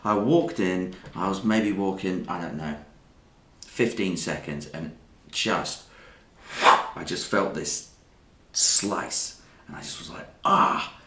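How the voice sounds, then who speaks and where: A man's voice: low voice, slow, long pauses. A man chatting on a livestream, telling a story and laughing often as he goes. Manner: animated anecdote-teller, laughs through his own story. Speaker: livestream host. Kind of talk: casual chat, storytelling. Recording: roomy echo with faint background hiss.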